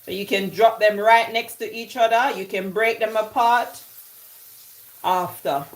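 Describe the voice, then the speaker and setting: This cooking vlogger from London speaks slowly at medium pitch with fairly even intonation. She banters teasingly with viewers during a chatty live stream from her home kitchen, filmed on a camera on a tripod.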